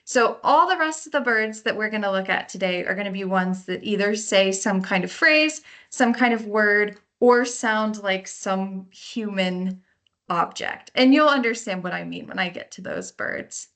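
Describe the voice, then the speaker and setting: Speaking in a fairly bright, mid-range voice, a female park naturalist gives an expressive, unhurried lecture about identifying birds by sound. She explains things warmly and occasionally mimics the calls herself.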